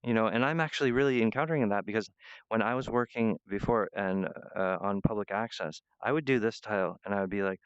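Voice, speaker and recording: A man with a low, smooth voice delivers a rambling monologue straight to his viewers. He keeps apologizing and jumping between ideas. The sound is dry and close, with a dull, lo-fi quality. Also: fairly quick, dry recording. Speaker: self-styled wizard pitching himself.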